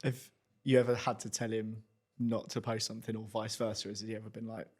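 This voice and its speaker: A man co-hosting a podcast, asking questions in a relaxed way, with plenty of fillers and hedges. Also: on the low side, a little fast, husky. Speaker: podcast co-host. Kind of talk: casual interview chat.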